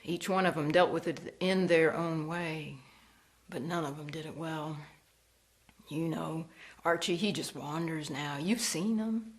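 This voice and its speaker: A woman storyteller performing a ghost story, slow and hushed, dropping to whispers. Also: low voice.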